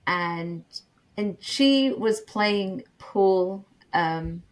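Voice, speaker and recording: A woman's voice: medium pitch, animated, very slow. A middle-aged woman telling a personal story in casual chat, laughing often and acting out the voices she quotes.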